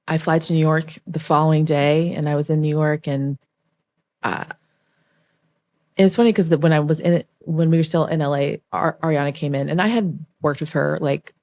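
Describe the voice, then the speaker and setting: Low-voiced young woman telling a story. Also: normal speed, dry recording. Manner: emotional, animated storytelling, acts out quoted voices. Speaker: podcast guest, former backup dancer. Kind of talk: storytelling in a podcast interview.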